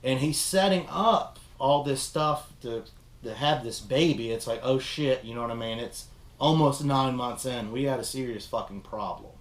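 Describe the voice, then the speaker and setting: A young male podcast host reviews a film in a casual chat, rambling, swearing, and animatedly retelling scenes. His voice is mid-range at normal speed, and the recording has a roomy echo.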